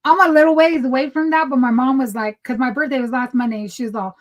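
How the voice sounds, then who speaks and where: A woman's voice: high-pitched, fast, hardly any pauses, dull audio. A young woman co-hosting a casual chat, telling stories animatedly and acting out the dialogue she reports. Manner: animated storytelling, acts out quoted dialogue. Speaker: podcast co-host.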